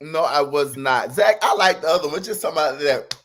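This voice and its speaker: A man co-hosting a casual online talk show in quick, dry banter. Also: a little high, lively intonation, a bit bright, slight background noise. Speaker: co-host.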